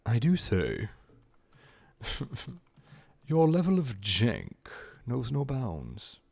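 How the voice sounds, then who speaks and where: A man putting on a mock-posh British gentleman voice with a put-on British accent and an exaggerated, prim drawl. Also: medium pitch, huge pitch swings, drawn-out words, gravelly, husky, no echo, voice pushed up, full character voice.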